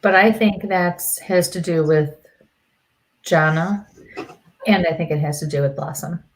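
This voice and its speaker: Halting, murmuring woman giving a psychic reading. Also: on the low side, low-quality recording. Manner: halting, drifting, with frequent laughs and soft trailing murmurs. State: hot and clammy. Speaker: medium, co-host. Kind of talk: live-stream psychic reading.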